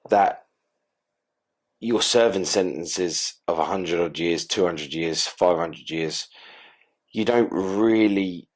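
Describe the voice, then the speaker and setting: A man hosting a podcast interview, asking measured, reflective questions. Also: deep voice. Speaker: podcast host.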